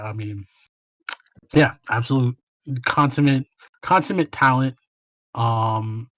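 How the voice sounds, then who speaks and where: A man's voice: lowish voice, fairly bright tone, no room sound, highs cut off. A man hosting a podcast in casual, slangy chat, swearing freely. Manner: laid-back, slangy, swears a lot. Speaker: podcast host.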